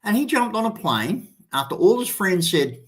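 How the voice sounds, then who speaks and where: A man's voice: high-pitched, sing-song, moderate pace. An Australian man in his sixties hosting a live stream in casual chat. He rambles, swears freely and fills with lots of ums. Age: 60s. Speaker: livestream host.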